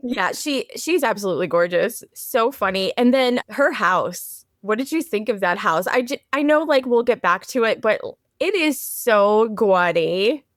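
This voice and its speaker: A woman's voice: medium pitch, expressive, measured pace, few pauses, no room sound, clean studio sound. A woman co-hosting a casual podcast, talking animatedly and slipping into playful impressions. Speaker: podcast co-host.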